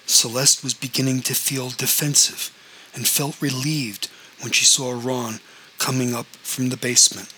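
A man narrating a story aloud in a steady, measured reading voice. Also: medium pitch, slight background noise, rough recording.

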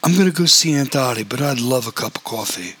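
A man's voice: medium pitch, animated, fast, a bit bright, slightly rough. A man reading aloud, voicing an evasive young adult son with short replies.

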